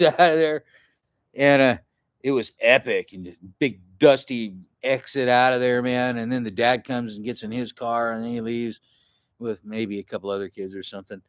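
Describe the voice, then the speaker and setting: A man talks straight to the camera about a trip, rambling and swearing as he goes. He acts out the shouting of people he heard. His voice is clear and resonant, sits in a middle pitch range, and sounds dry and close to the mic. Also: dry recording. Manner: rambling and profane, acts out what others shouted. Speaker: outdoor adventure vlogger. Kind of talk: casual storytelling to camera.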